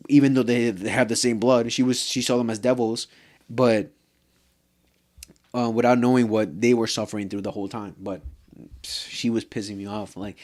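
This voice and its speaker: In a medium-pitched, slightly mellow voice, a man vlogs a heated anime rant full of profanity. He rambles, uses fillers, restarts his sentences and keeps saying "bro."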